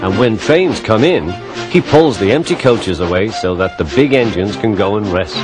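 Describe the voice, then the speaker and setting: Man, storybook narrator, low voice, lively intonation, gentle, loud background music. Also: normal speed.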